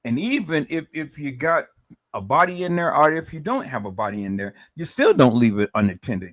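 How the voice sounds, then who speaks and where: A man's voice: fairly high pitch, big pitch swings, a little fast, a bit bright. A man hosting a livestream, talking emotionally and emphatically, repeating words and stammering as he addresses his viewers as "people". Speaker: live stream host.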